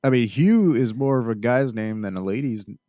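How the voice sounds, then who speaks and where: A man's voice: mid-range voice, expressive, fairly quick, warm tone, no echo, lo-fi sound. A man hosting a podcast, teasing his guest with crude jokes over drinks and a bit tipsy. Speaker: podcast host. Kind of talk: casual podcast chat.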